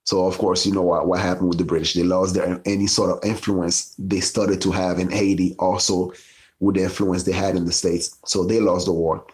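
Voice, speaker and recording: Low-voiced man in loose profane history chat. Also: little pitch movement, moderate pace, darkish tone. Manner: loose, profane, storytelling with asides. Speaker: podcast host.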